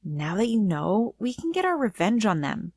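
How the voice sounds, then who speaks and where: A woman's voice: mid-range voice, sing-song, normal speed, a little mellow, a little hiss or hum, voice pushed up. A woman voicing a bold, protective teenage big sister who poses as a boy, confident and plain-spoken in a storytime reading. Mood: scheming. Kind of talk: storytime narration.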